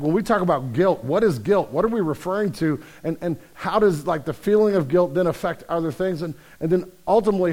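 A man's voice: a little high, darkish tone. Earnest, conversational male pastor preaching. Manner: conversational, earnest, with frequent restarts. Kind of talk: sermon.

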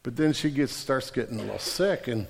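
A man's voice: medium pitch, expressive, brisk, creaky. A male pastor giving a sermon in a casual, joking storytelling way with slang, heard with long reverb from a large hall.

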